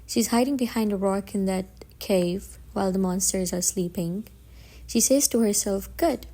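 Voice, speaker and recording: A woman's voice: mid-range voice, fairly even intonation, normal speed, warm tone. A woman narrating a comic story recap in a casual, dramatic way, with emphatic stresses and frequent restarts.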